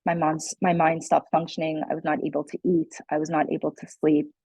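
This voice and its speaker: A woman's voice: deep voice, flat delivery, a little fast, warm tone, breathy edge, dry recording, low-quality recording. A young adult woman, a guest speaker, telling her personal story in a candid, earnest way with many "like" and "you know" fillers. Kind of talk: personal testimony in a conversation.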